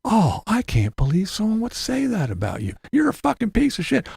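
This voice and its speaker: A man's voice: sits high, wildly swooping pitch, moderate pace, gravelly, a little mellow, husky, pitched above the performer's own voice, heavily acted. A man putting on the voice of a two-faced, fake-friendly online man who sounds overly sweet. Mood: snide. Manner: syrupy and overly sweet, then snide.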